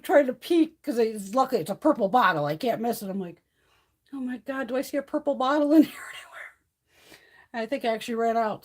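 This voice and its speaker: A woman hosting a casual beauty livestream, chatting with viewers, swearing freely and coaxing her cat in a high sing-song voice. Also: husky.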